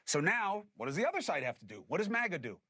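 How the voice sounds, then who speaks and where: A man's voice: high-pitched, very animated, fast talker, bright, forceful tone, breathy edge, dry recording. A man hosting a political commentary show, arguing his points emphatically and putting things in plain terms. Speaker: host.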